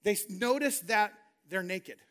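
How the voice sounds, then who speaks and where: A man's voice: sits high, animated, unhurried, a bit bright. A man preaching a sermon as a pastor, reading scripture and paraphrasing it in an earnest, conversational way.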